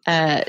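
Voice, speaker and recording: A woman joking and giggling often as a contestant in a casual group game, laughing at herself. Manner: giggly, self-mocking. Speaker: panel contestant. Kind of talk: casual banter. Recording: loud background noise.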